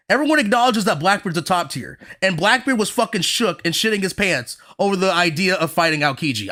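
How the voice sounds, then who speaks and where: High, bright-voiced man ranting. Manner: profane, animated, repeats himself, mocks others in quoted voices. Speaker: podcast host. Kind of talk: heated casual rant.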